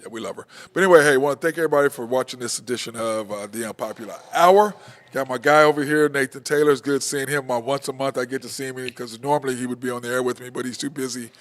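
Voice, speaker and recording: Storytelling talk-show host. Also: male voice, mid-range voice, fast talker, a bit bright. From Oklahoma. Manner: storytelling, laughs often. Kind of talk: casual chat.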